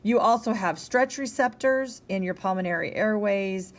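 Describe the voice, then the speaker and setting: A woman's voice: mid-range voice, moderate pace. A young woman teacher giving a recorded science lecture in a casual, conversational way, tired and yawning, with frequent ums and a checking "okay?".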